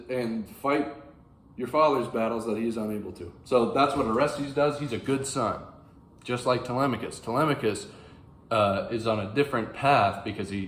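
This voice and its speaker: A man with a low voice rambles through a casual, animated breakdown of an ancient epic. He stumbles and fills gaps with ums, recorded in a roomy space with faint ambience behind him. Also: normal speed, slight background noise. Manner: rambling, animated, frequent fillers. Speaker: book channel host. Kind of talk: casual classics commentary to camera.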